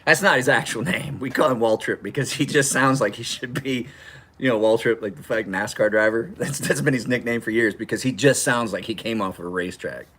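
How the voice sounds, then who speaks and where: A man with a medium-pitched, fairly bright voice talks fairly quickly as he hosts his knife sharpening channel from a home garage. He rambles through a live chat with viewers, laughing as he tells profane stories.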